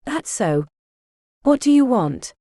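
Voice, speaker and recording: A woman's voice: on the high side, very animated, slow, mellow, dry recording, clean studio sound, voice pushed up, full character voice. A curt, cynical male mercenary played by a woman reader. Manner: curt, clipped and guarded.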